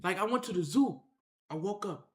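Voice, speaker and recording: A man with a high, bright voice tells a rambling tale on a livestream, looping back over himself and calling out to his viewers. The sound bounces around an echoey room. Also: normal speed. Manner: animated, repetitive, addresses the chat directly.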